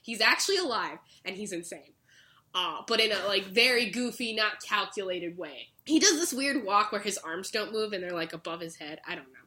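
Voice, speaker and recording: A woman's voice: medium pitch, lively intonation, moderate pace, sharp tone. A young woman casually recapping a show for a podcast, acting out the characters' lines and laughing often. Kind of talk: casual chat.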